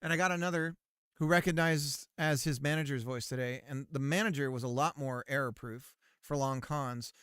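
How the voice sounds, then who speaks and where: A man's voice: mid-range voice, normal speed, few pauses, a bit bright, clear, resonant tone, no echo, studio quality. A man streaming game development, chatting casually in a sarcastic, rambling storytelling way. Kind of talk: casual live-stream chat.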